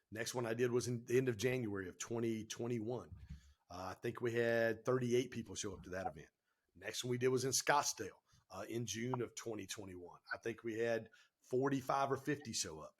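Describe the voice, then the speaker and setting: A man telling stories on a podcast as the guest, animated and emphatic, with casual slang. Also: mid-range voice, slightly rough. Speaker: guest entrepreneur and speaker. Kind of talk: energetic podcast storytelling.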